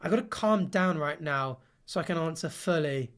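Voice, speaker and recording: A man giving casual, sarcastic commentary as he reacts to screenshots, with quick asides. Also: fairly high pitch, a bit bright.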